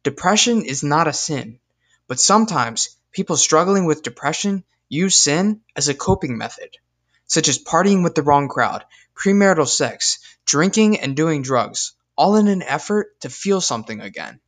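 A young man giving a scripted devotional talk, earnest and emphatic, reading scripture verses deliberately. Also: on the high side, lively intonation, a bit bright. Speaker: speaker in a devotional video.

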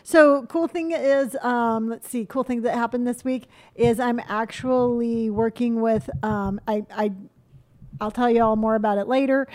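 A woman's voice: on the high side, steady tone, unhurried, a little mellow. A middle-aged woman from California co-hosting a casual podcast, talking in a chatty, rambling way. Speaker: podcast co-host.

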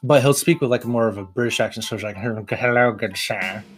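A young man chatting casually about his tabletop game character, rambling with lots of fillers and excited restarts. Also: mid-range voice, racing, faint music behind. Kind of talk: casual chat.

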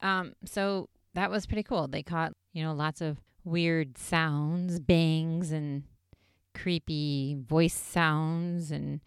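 A woman casually recapping an episode in a chatty, excitable way, full of "like" fillers. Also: deep voice, slow pace, vocal fry, few pauses, clear, resonant tone, no room sound, studio quality.

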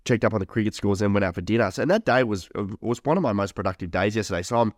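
A man's voice: lowish voice, very fast, no echo, studio quality. A young man co-hosting a podcast, chatting casually, swearing and laughing often. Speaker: podcast co-host.

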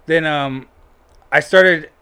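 A young man tells a rambling story about his school days in a casual chat, cursing freely and relying heavily on fillers. His slightly high voice is smooth and resonant, and he speaks slowly. The recording is close-up in a quiet, dry room with no echo.

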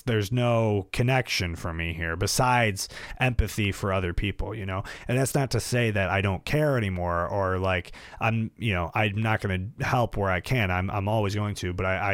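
Young man, low voice, rambling casual monologue, many fillers, dry close sound. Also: no room sound.

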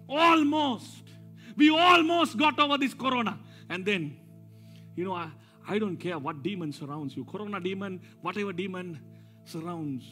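High, bright-voiced preaching pastor. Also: male voice. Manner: preaching with call-and-response, rising to shouts then dropping low. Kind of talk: sermon. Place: church service.

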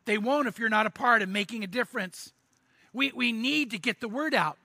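A man's voice: extremely high pitch, a little fast, sharp tone, dry recording. A man preaching a sermon as a pastor, earnest and pleading with his listeners. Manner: earnest, pleading, retells a skit with quoted voices.

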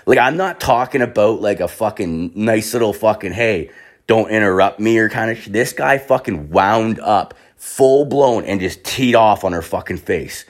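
A man's voice: fairly low pitch, animated, normal speed, hardly any pauses. A man from Canada telling a wild party story in a casual, rambling way, swearing constantly and padding with "like". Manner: profane and rambling, heavy filler words.

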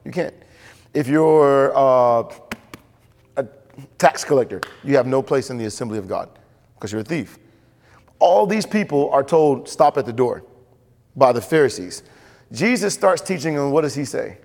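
Male pastor, mid pitch, animated preacher voicing characters, long hall reverb. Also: moderate pace, vocal fry, pauses often. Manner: animated preaching, acting out voices in stories. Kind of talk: sermon.

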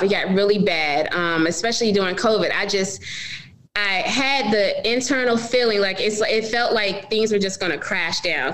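A woman's voice: mid-range voice, fairly bright tone, poor audio. A middle-aged woman, a business owner, telling her story earnestly in an interview and often calling her listeners y'all.

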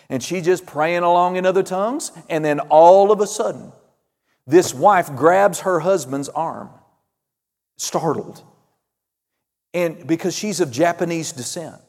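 A man preaching a fervent sermon, calling out amens and hallelujahs, swinging between loud and hushed. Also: high-pitched, big-room sound. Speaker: pastor.

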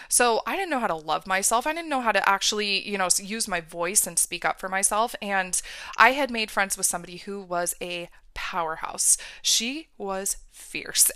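Woman host, bright tense tone, emphatic and candid, close dry sound. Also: medium pitch, clear, resonant tone, dry recording. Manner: emphatic, candid, acts out remembered dialogue. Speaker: podcast host. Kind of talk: personal storytelling monologue.

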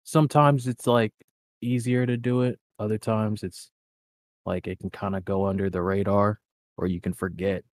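A young man talking easily with friends, his voice sitting a little low. His delivery is loose and slangy, full of filler words. The sound is close and dry, with no room echo. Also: little pitch movement, moderate pace. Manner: laid-back and slangy, heavy on filler words. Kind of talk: casual chat.

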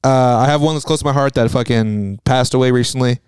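Man, casual podcast co-host, hyped short reactions, smooth clear voice, dry close recording. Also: mid-range voice, fast talker, darkish tone, no echo. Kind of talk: casual chat.

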